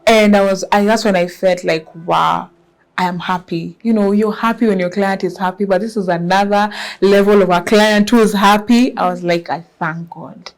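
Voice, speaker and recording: Expressive Kenyan woman telling her story. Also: mid-range voice, normal speed. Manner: lively and expressive, mixes in Swahili words. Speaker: guest entrepreneur. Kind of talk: casual storytelling interview.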